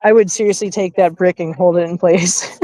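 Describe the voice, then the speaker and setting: A woman's voice: fairly low pitch, fairly even intonation, moderate pace, mellow, no room sound, low-quality recording. A middle-aged woman hosting a casual livestream outdoors at night, chatty and playful, laughing often and talking into a handheld phone. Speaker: livestream host.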